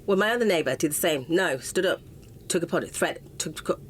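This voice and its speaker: A woman's voice: fairly low pitch, lively intonation, quick pace, a little hiss or hum. A middle-aged English woman, an interview guest, telling a painful personal story with raw emotion and frequent broken-off sentences. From England. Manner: raw and impassioned, often breaking off mid-sentence.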